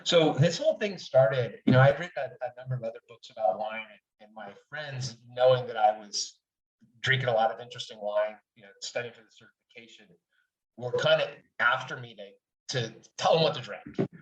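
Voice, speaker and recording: A middle-aged wine writer, appearing as a guest in a casual interview, speaks briskly in a medium-pitched voice. He comes across as candid and enthusiastic, swearing freely. The audio sounds distant, roomy and dull.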